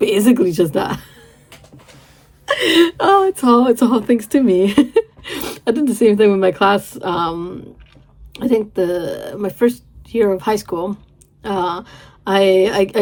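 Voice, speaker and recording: A woman's voice: mid-range voice, darkish tone. A young woman gushing and giggling through a casual reaction chat, rambling with lots of "like". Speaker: reaction video host.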